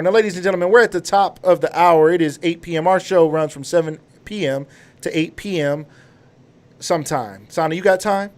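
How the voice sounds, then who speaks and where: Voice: mid-range voice, fairly quick. Hyped live podcast host. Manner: hyped, exuberant, calls out to viewers. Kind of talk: live show hosting.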